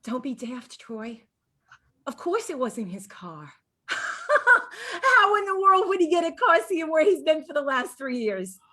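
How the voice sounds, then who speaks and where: An actress playing a chatty wife with a breezy, teasing, theatrical way of talking. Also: female voice, high voice, big pitch swings, measured pace, pushed and bright, heavily acted. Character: chatty, bright-voiced wife. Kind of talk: amateur audio drama.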